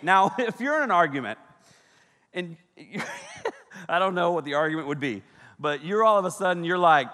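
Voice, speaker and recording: Man preaching, joking and animated, lively swinging voice, bright tone, long hall reverb. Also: high-pitched, moderate pace, pauses often. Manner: joking, animated, acts out dialogue. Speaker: pastor. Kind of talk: humorous preaching.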